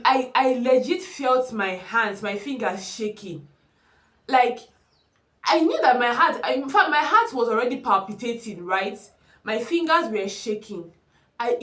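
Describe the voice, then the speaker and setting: A woman's voice: fairly high pitch, fairly bright tone. A young woman giving earnest, emphatic advice straight to her viewers in a casual vlog. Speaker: vlogger. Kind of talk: casual advice talk to camera. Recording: echoey room.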